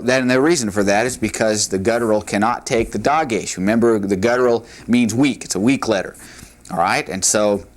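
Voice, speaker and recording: Man, classroom grammar lecture, patient, repetitive, filler words, at a board. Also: mid-range voice. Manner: patient, repeats key words, frequent "all right" and "uh". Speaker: Hebrew teacher.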